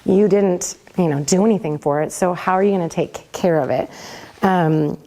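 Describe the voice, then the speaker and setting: A woman leads a vocal class in a casual, rambling way, laughing often as she talks. Her voice sits a little low for a woman. She speaks to a group in the room. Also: moderate pace, dark tone. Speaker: worship pastor teaching a vocal class. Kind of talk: casual teaching talk.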